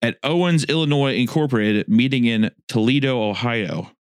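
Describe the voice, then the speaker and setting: A man co-hosting a casual podcast, animated as he reads out trivia. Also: medium pitch, normal speed, clean tone, dry recording, clean studio sound. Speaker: podcast co-host.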